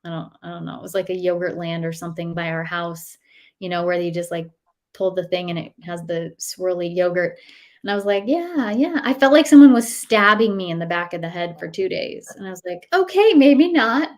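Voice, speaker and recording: A woman's voice: on the low side, steady tone, fairly quick. A woman in her thirties, a nutritionist guest, chatting casually and telling stories with many fillers and acted-out quotes. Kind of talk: casual interview chat.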